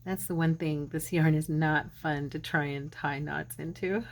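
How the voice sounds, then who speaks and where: A middle-aged woman from Arizona hosts a craft channel, chatting casually and talking to herself while she works. Her voice is low and steady, her pace a little slow, and there's a slight hiss or hum on the recording.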